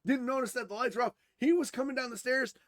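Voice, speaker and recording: A man co-hosting a podcast, telling a story casually, animated and swearing freely, who grew up in Wisconsin. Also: extremely high pitch, fast, dry recording, studio quality. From Wisconsin, USA. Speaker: podcast co-host.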